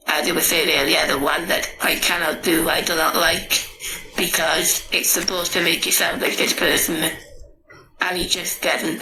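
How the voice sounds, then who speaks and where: Bright woman explaining in an echoey room. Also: low-pitched, little pitch movement, moderate pace, slight background noise. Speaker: demonstrator in a played video.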